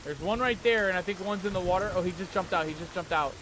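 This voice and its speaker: A man with a high voice talks fast over background noise while hosting a let's play for his gaming channel. He calls viewers "mateys" in pirate slang and lets out panicky yelps when something scares him.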